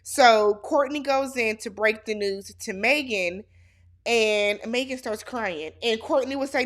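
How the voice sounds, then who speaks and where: A woman's voice: fairly high pitch, a little slow, fairly bright tone. A woman hosting a casual reality show recap, sassy and speaking straight to the cast as if they could hear her.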